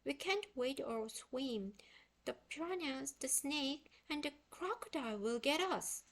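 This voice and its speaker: A woman reading a storybook aloud, voicing an eager, spunky young girl with a raised, excited tone; her first language is Korean. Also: high voice, a little slow, voice pushed up, heavily acted. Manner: bright, excited and pleading.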